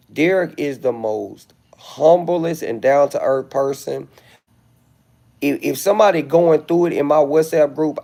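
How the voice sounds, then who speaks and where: A man's voice: mid-range voice, creaky, mellow. A middle-aged man, rambling self-assuredly in a casual livestream monologue, with flashes of indignation. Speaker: livestream host.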